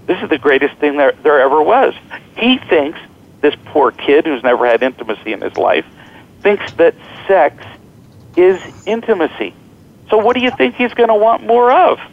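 A middle-aged man with a gravelly, slightly high voice tells stories in an animated, joking way, slipping into the voices of the people he quotes. The audio sounds dull and lo-fi. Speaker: author and guest. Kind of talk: storytelling interview talk.

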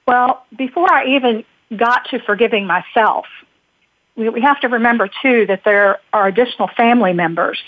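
A woman, a guest and birth mother, telling a personal story in a halting way, with frequent restarts. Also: on the high side, dry recording. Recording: dry tinny phone-like line.

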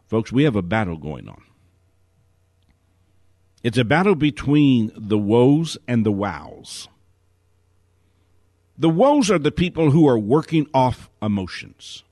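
A man's voice: medium pitch, sing-song, takes it slowly, pauses often, darkish tone, no room sound, studio quality. A man giving a motivational talk as host, with an emphatic, preacher-like delivery. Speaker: motivational speaker hosting a radio talk.

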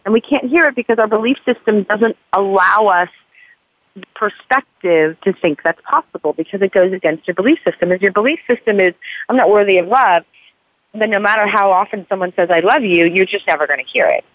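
A woman's voice: mid-range voice, fairly quick, dry recording. A woman in her forties, an author guest in a podcast interview, talking in an earnest, rambling way with many fillers. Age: 40s. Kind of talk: candid podcast interview talk. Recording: dry phone-line sound.

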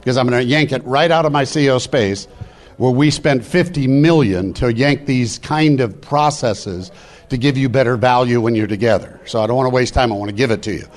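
A middle-aged man gives a motivational stage talk at a business event. His voice sits at an ordinary male pitch. He delivers it in a preachy, rapid-fire way, pushing hard to fire up the room. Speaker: motivational speaker. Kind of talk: live stage speech. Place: event hall.

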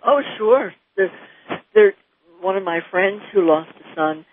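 A woman in her sixties from New Jersey, a guest mother speaking earnestly and from the heart, with halting restarts, on a radio interview. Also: medium pitch, expressive, slight background noise. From New Jersey, USA. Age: 60s. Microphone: telephone. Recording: tinny phone line.

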